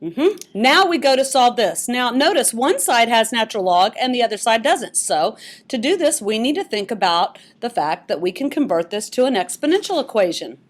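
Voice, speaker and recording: A woman's voice: fairly high pitch, sing-song, moderate pace. Woman teacher explaining math steps. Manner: explains step by step, joking asides. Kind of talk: classroom lesson.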